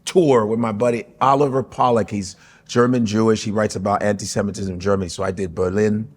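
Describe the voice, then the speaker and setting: Playful co-host with a husky voice. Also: male voice, on the low side, fairly even intonation, brisk. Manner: playful, teasing banter. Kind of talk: casual podcast chat.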